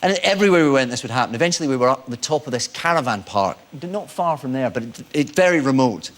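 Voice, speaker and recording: A man in his forties, a guest actor on a chat show, telling lively anecdotes and acting out the voices of people in them. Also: medium pitch, quick pace. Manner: animated storyteller, acts out quoted voices.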